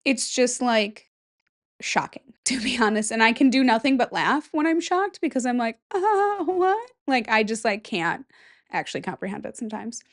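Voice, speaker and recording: A woman's voice: fairly high pitch, animated, moderate pace. Chatty young woman podcast host. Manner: chatty, rambling, giggly asides. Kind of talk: casual solo podcast chat.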